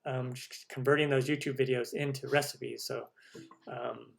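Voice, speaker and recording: A man's voice: medium pitch, level tone, normal speed, creaky. A man hosting a cooking channel live stream, chatting casually with viewers, rambling and humming while he scrolls.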